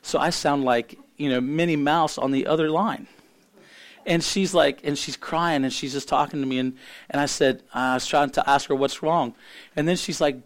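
Hoarse middle-aged pastor preaching. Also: male voice, on the high side, steady tone. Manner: earnest, halting with frequent restarts. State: hoarse, losing his voice. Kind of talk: sermon.

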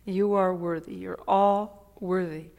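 A woman's voice: on the low side, steady tone, takes it slowly, gravelly, darkish tone, lo-fi sound. A woman preacher delivering an emphatic sermon, repeating phrases and asking "Amen?" often. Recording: long hall reverb.

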